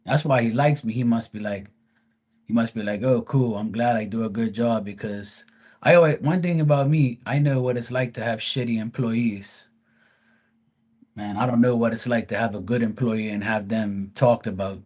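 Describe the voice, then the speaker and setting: A male live-stream host telling a casual anecdote at an ordinary pitch. He talks bluntly and swears freely. He rambles, restarts sentences and circles back as he goes. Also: normal speed, darkish tone.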